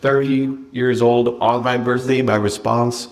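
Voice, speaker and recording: A man giving a motivational keynote at a conference, telling a personal story with dramatic swings from loud bursts to hushed confession. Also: medium pitch, flat delivery, unhurried. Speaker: keynote speaker. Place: conference stage.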